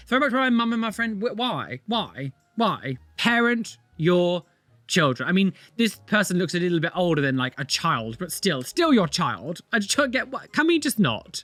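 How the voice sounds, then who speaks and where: A young British man talks over videos as a piercer, sarcastic and theatrical in his exasperation. His voice sits high and swings widely in pitch. The recording is dry and close. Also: bright, forceful tone, no echo. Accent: British English. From United Kingdom. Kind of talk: reaction commentary.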